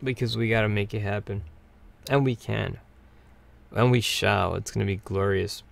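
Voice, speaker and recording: A man hosting a weekly gaming livestream, sleepy and yawning, rambling between bursts of excitement. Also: on the low side, moderate pace, creaky. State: tired, yawning. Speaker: livestream host. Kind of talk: gameplay livestream commentary.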